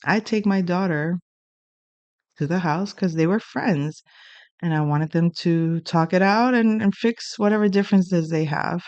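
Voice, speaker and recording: With no echo and the high frequencies cut off, the recording carries a middle-aged woman's lowish, unhurried voice. She's animatedly recounting something that happened to her, cursing freely, speaking bluntly, and playing out each exchange in a casual monologue.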